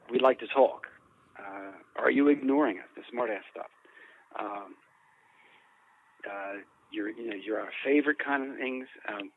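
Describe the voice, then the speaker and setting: Male guest, mid-pitched, talks in loose rambling runs and restarts often; the audio is thin and phone-like. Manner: rambling, frequent restarts and repeated words. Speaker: interview guest, paranormal investigator. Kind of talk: conversational interview. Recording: tinny phone-like line.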